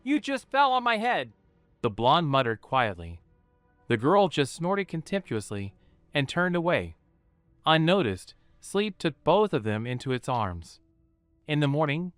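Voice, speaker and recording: Man narrating fan fiction, lively pitch. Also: unhurried, clear, resonant tone, no echo, soft background music.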